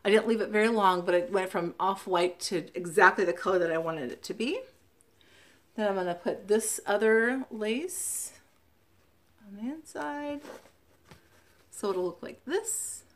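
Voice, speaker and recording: Unhurried and pausing often, a woman with a mid-range voice chats casually in her Flosstube show-and-tell vlog. She's from the West Coast of the US, spells out names letter by letter, and uses lots of ums.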